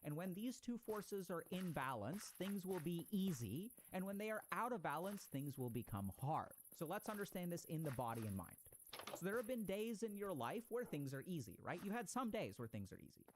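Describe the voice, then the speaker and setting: A man giving a casual spoken lecture, animated and swearing now and then, acting out inner voices as he explains. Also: high-pitched, moderate pace. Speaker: speaker on motivation and mind. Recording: noisy recording.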